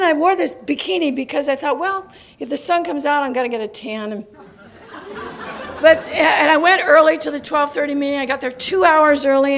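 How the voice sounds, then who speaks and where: High-voiced woman telling her recovery story. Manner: animated storytelling, laughing often, dropping to soft asides. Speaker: AA speaker. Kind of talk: recovery talk to a meeting. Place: meeting hall.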